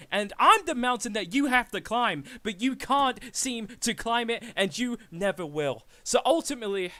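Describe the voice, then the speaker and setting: A man speaking as a wrestling champion at a press conference, delivering a heated, taunting trash-talk promo that swells into shouting. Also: extremely high pitch, expressive, normal speed, few pauses, no echo.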